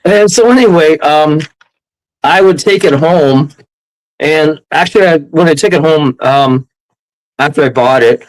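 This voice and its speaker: A Canadian man telling a wild story as an interview guest, rambling and excitable, often breaking into laughs. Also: on the high side, a little slow, low-quality recording.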